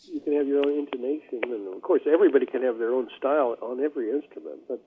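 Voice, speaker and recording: An older man, a jazz bassist being interviewed, telling stories in a rambling way with many fillers. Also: quick pace, slight background noise. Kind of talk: casual interview talk. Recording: phone-like line.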